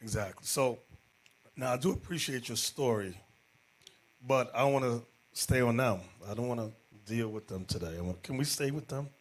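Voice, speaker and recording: A man teaching as bishop, telling stories to a class and swinging into loud, shouted points. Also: mid-range voice, moderate pace. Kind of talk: animated class sermon.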